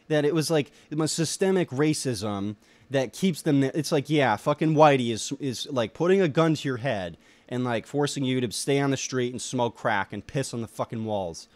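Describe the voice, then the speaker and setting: A man's voice: medium pitch, lively intonation, a little fast, no echo. A young man in a rambling solo monologue, ranting with heavy swearing and lots of filler words. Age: young adult. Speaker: solo podcaster.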